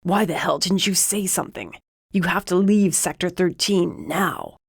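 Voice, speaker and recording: A woman's voice: lowish voice, big pitch swings, normal speed, creaky, slightly rough, no echo, clean studio sound, heavily acted. A woman narrator voicing a protective young adult man who argues with urgent, level reasoning. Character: protective young adult male ally, steady and firm. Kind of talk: audiobook character voice.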